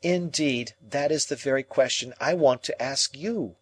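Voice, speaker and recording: A man's voice: mid-range voice, a little slow, slightly rough, voice pushed up. A man voicing an earnest, pleading young man. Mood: pressing.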